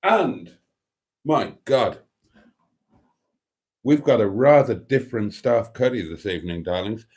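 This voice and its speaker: A man's voice: on the low side, animated, takes it slowly, long pauses, darkish tone, husky. Man, live stream host, camp and theatrical, rambling, self-mocking, calls everyone darlings. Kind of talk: casual chat reading out viewer comments.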